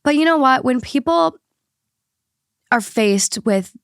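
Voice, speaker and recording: A woman's voice: sits high, lively intonation, slow, clean tone, dry recording, studio quality. A woman hosting a podcast, talking in a heated, indignant way with a stuffy nose. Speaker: podcast host. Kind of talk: casual podcast chat.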